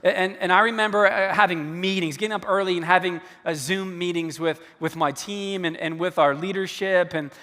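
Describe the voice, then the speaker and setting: A male pastor preaching a sermon, animated and acting out dialogue with rising emphasis. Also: high voice, brisk, hardly any pauses. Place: church sanctuary. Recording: long hall reverb.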